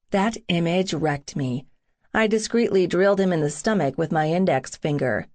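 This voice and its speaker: A woman narrating a first-person romance audiobook in an intimate, wry, unhurried reading. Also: fairly low pitch, expressive.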